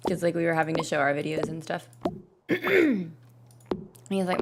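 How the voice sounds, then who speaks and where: A young woman streaming a game, chatting casually and rambling with lots of fillers and restarts, speaking into a desk mic on a boom arm. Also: lively intonation, a little slow, long pauses, very noisy. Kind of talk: casual gaming stream chat. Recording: game music playing clearly behind.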